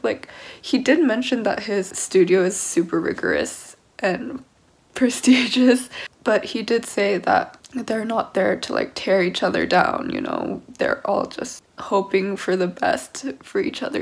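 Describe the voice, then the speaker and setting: A woman's voice: medium pitch, vocal fry, slightly rough. A young woman in her late teens, a violin student, talking to camera in a rambling, candid, emotional way with nervous laughs. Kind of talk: casual vlog talk to camera.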